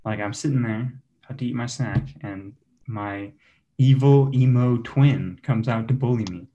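Man, dry self-mocking stand-up over a video call, mellow tone. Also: mid-range voice, moderate pace, lo-fi sound. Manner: self-deprecating, dry, laughs at own jokes. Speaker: stand-up comedy student.

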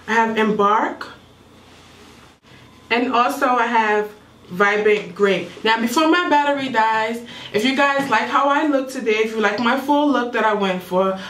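A woman's voice: fairly high pitch, fairly bright tone, recorded from a distance. A young woman vlogger walking through a makeup palette step by step in a casual, slightly mumbled tutorial. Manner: explains step by step while showing products. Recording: echoey room, voice away from mic.

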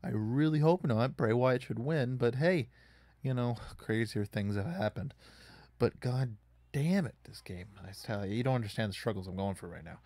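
A man's voice: medium pitch, lively intonation, moderate pace, darkish tone, dry recording. A man casually commenting on a wrestling video game as he plays, rambling and swearing in frustration at it. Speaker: gaming YouTuber.

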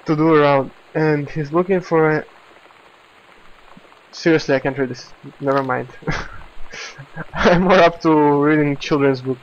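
A man's voice: fairly high pitch, highs cut off. A man giving casual let's play commentary, reading in-game texts aloud, stumbling over words and laughing at himself, recorded at home at his computer.

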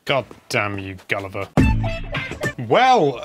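A man's voice: medium pitch, animated, moderate pace, fairly bright tone, faint music behind. A man giving casual, wry commentary over gameplay, chatting and humming as he plays. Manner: wry, chatty, hums while playing. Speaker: game video presenter.

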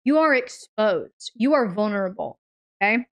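A woman hosting a live advice session, answering a listener's question with emphatic, drawn-out stressed words and speaking straight to her audience. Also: medium pitch, animated, a bit bright. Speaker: relationship advice host.

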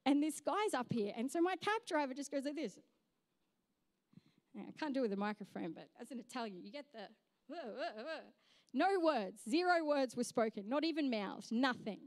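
A bright, high-voiced young woman preaching from a church stage. She tells her story with humor and poking fun at herself, and her voice sounds close and dry. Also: animated, fairly quick, no room sound. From Australia. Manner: storytelling, humorous, self-mocking. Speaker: pastor. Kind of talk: sermon.

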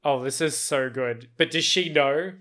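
A man's voice: fairly high pitch, measured pace, pushed and bright. A man with an Australian accent giving casual, laugh-filled movie reaction commentary, swearing freely.

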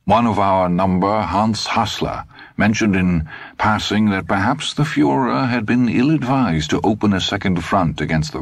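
A man reading an audiobook, voicing an elderly German man who speaks in a formal, measured, gently solemn way. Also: sits low, husky, no room sound, full character voice. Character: elderly German man, courtly, guarded, grave.

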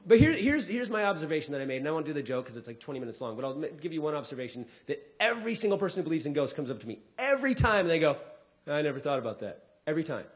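A man, a comedian, speaking casually to a live audience, acting out people's lines with big pitch jumps and dropping low for asides. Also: big pitch swings, very fast, hardly any pauses. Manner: drops to a quieter, lower voice for asides. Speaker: comedian giving a talk.

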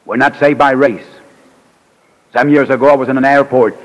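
A man preaching a revival sermon in a church, emphatic, with sharp swings in pitch and loudness. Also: fairly even intonation, moderate pace. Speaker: evangelist preacher. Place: church sanctuary. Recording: archival church recording with long reverb.

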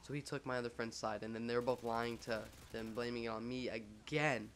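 Flat-voiced guy rambling through a story. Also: mid-range voice, brisk, slight background noise. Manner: rambling, filler-heavy, lots of "like"; joking, self-mocking. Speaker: vlogger telling a story. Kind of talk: casual storytime over gameplay.

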